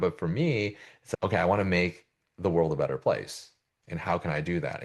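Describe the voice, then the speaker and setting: A middle-aged man presenting a business coaching session in a conversational way, often checking in with "right?". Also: deep voice. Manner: conversational, keeps asking "right?". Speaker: agency coach.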